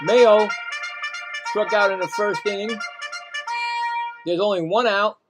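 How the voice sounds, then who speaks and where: A man with a Brooklyn accent hosting a casual live play-by-play stream, chatting and rambling between pitches. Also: slow, loud music behind the voice. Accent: Brooklyn New York.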